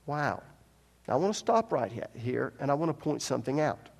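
A man's voice: a little high, sing-song, moderate pace, creaky, a little mellow. A man preaching a sermon as pastor, emphatic, repeating his key points and asking the congregation rhetorical questions. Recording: long reverb of a large hall.

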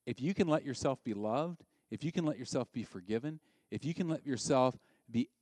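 A male pastor giving a sermon, animated and conversational, asking the listeners direct questions. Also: mid-range voice, a little fast, no echo.

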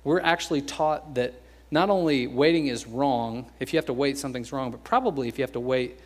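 Young american guy preaching, chatty and jokey, does little voices, normal mid-pitched voice. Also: a little fast. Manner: conversational and joking, acts out quoted voices. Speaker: pastor. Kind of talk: sermon.

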